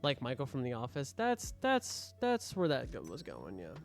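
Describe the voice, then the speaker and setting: A man's voice: medium pitch, wildly swooping pitch, normal speed. A young man casually commenting while streaming a game, joking and mock-scolding the customers, with faint music behind him.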